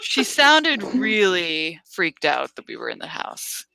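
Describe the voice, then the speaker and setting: A woman playing a tabletop game, animated and laughing often. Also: on the low side, slow, creaky, a loud crowd. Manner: giggly, animated. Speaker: player. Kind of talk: casual tabletop play.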